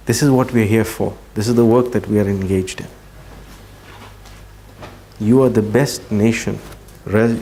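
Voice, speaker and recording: Low, mellow-voiced man telling a story. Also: slight background noise. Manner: earnest storyteller, slows for emphasis. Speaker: Islamic speaker. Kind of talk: religious talk with storytelling.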